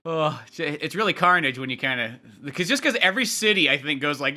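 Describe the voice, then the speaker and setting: A man with a high, bright voice that swings widely in pitch. He guests on a casual podcast and tells his stories in an animated way. He laughs often and swears as he talks. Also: fairly quick.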